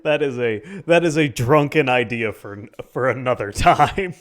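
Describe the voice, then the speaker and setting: A man's voice: mid-range voice, animated, unhurried, a bit bright. A young married man co-hosting a casual drinking stream, teasing his friend and chuckling often. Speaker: co-host.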